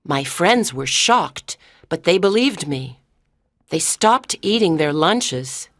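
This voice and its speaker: A woman reads a simple story aloud for language learners, taking each line slowly and carefully. Her voice sits a bit low, and the recording is close and dry with no room sound. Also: expressive, dry recording. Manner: clear, careful, unhurried reading. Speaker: audiobook narrator. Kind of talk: slow scripted story narration for learners.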